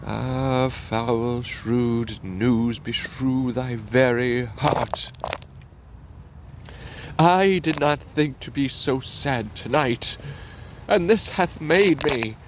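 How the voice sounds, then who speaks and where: Guy reading a gloomy prince, slow and measured, faint street noise around. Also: medium pitch. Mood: grim. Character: grim male prince at war, brooding.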